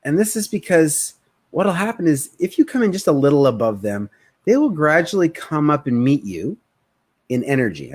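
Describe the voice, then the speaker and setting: An energetic male sales coach talks straight to a webcam on a live stream. He speaks casually, at a middle pitch, and slips into short impressions of tired customers to make his points. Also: husky. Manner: energetic, conversational, acts out prospects' voices.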